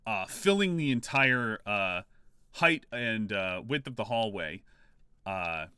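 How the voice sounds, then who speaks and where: A man narrating a tabletop game as game master, in halting, filler-heavy speech. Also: fairly low pitch, expressive, bright, forceful tone, smooth, dry recording, clean studio sound.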